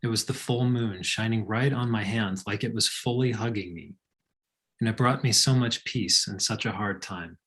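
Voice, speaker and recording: A man co-hosting a live session, reading listener letters aloud and reflecting on them in a calm way. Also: lowish voice, normal speed. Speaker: co-host.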